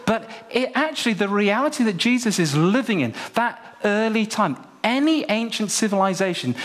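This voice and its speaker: High-voiced joking male preacher. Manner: humorous, animated, emphatic repetition. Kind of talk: sermon.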